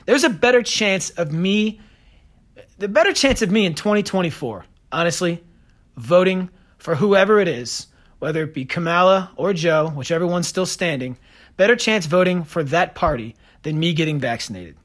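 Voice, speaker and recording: A man with a notably high voice delivers an opinionated solo podcast rant. He talks fast and combatively, full of sarcasm and challenges to the listener. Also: animated, a bit bright. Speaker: podcast host.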